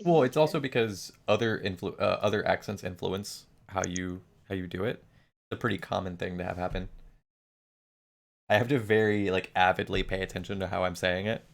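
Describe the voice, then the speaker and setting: Gravelly-voiced male tabletop player. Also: low-pitched, fairly even intonation, fairly quick. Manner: chatty, laughs, rambling restarts. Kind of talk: casual chat during a tabletop game.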